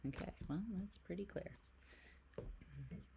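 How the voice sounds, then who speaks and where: A woman's voice: on the low side, moderate pace, creaky, very noisy. A woman from Canada doing a casual tarot reading to camera, chatty and giggly, full of "like" and dropping into whispered asides. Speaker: tarot reader.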